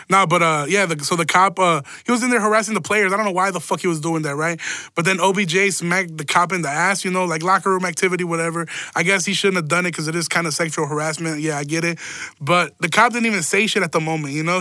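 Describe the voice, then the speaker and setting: Man, young adult, casual rambling rant, heavy swearing, laughs often, bright tone. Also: fairly high pitch, dry recording. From Chicago. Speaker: podcast host. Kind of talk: casual solo storytelling rant.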